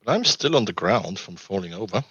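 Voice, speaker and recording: Casting: player with a bright, very animated, unhurried voice, dry sound. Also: deep voice, slightly rough, no echo, lo-fi sound. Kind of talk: casual tabletop game play.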